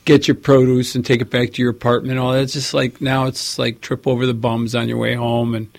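A man co-hosting a talk radio show in casual banter, growing animated and excited as he tells stories. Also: medium pitch, a little fast, creaky. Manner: animated, rising into excited outbursts.

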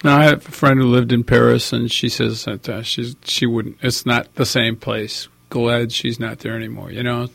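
A man co-hosting a talk radio show in casual banter, growing animated and excited as he tells stories. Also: medium pitch, moderate pace, creaky, hardly any pauses. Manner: animated, rising into excited outbursts.

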